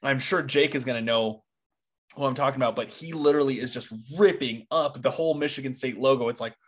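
Excitable young man saying "dude". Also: mid-range voice, fast. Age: young adult. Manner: excitable, says "dude" a lot. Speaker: podcast co-host. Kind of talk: casual sports chat.

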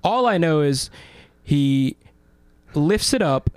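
A man co-hosting a casual radio talk show, telling an animated story full of swearing, shouting out the dramatic parts. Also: fairly high pitch, slow, smooth, no room sound. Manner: animated, swearing, acts out his own yelling in the story.

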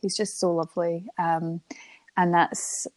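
A woman's voice: fairly low pitch, level tone, unhurried, no echo. Chatty young woman telling a story. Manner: chatty storyteller, laughs often, acts out quotes. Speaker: guest. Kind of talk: emotional interview conversation.

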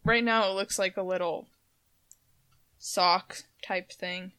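A woman's voice: mid-range voice, fairly even intonation, slow, pushed and bright, clean tone, dry recording. A woman joining a casual chat over a video call as a guest, chiming in with dry, matter-of-fact remarks.

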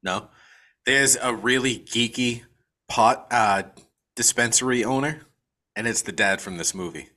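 A man with a bright, forceful voice argues a point on a video-call podcast, swearing freely and hammering his words home by repeating them. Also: mid-range voice, a little slow, pauses often. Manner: emphatic, profane, repeats himself for emphasis. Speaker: podcast co-host. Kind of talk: casual movie discussion.

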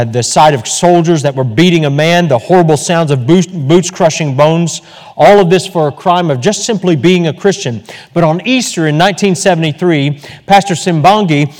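A man's voice: a little high, a little mellow. Emphatic preaching man in a reverberant hall. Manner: emphatic preaching, repeats words for stress. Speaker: pastor. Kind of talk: sermon.

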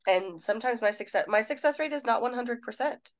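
A woman with a brisk, rather high voice co-hosts a podcast and works as a nurse. In casual chat she's an animated storyteller, quoting other people and swearing freely.

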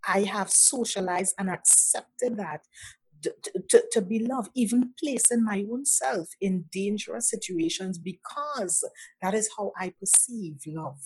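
A woman from Nigeria, a guest on an interview, telling her own story in a slow, halting way with many restarts. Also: medium pitch, breathy edge, no echo, low-quality recording. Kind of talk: personal testimony.

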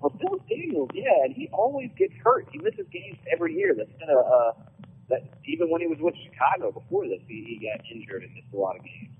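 A man's voice: a little high, huge pitch swings, brisk, slight background noise. A man hosting a casual sports talk show, rambling with hesitant ums. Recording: phone-like line.

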